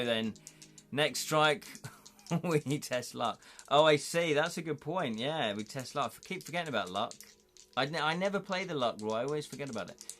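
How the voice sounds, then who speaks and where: A man, hosting a live gamebook play-through with excitable, forgetful chatter and reading the story aloud. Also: medium pitch. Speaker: host and gamebook narrator.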